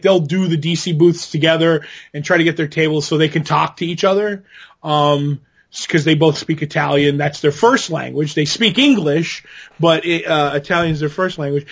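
A man's voice: a little high, dull audio. A man co-hosting a podcast, telling a rambling, self-mocking story in casual chat. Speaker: podcast co-host.

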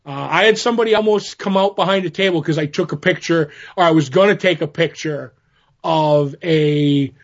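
A man's voice: on the high side, normal speed, muffled recording. A man co-hosting a podcast in casual chat, rambling through stories with many fillers and restarts. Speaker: podcast co-host.

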